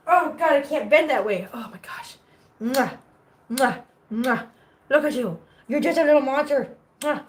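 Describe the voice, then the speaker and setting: A woman's voice: high voice, animated, measured pace, long pauses, slight background noise. Chatty woman cooing at her cats. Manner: doting baby talk to cats, chatty asides to viewers. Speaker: cat owner vlogger. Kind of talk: casual chat to pets and viewers. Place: home with cats.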